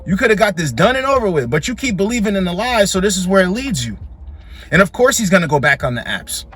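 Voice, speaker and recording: Blunt high-voiced man scolding. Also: fairly bright tone, slightly rough. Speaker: dating commentator reacting to clips. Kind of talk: casual reaction commentary.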